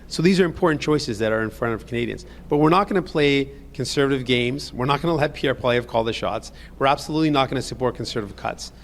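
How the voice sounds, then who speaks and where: A man who is a politician speaks quickly in a played interview clip. He repeats stock lines over a faint ambient hiss. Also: mid-range voice. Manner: repetitive, evasive, rehearsed. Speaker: politician in a press scrum. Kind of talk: scripted talking points.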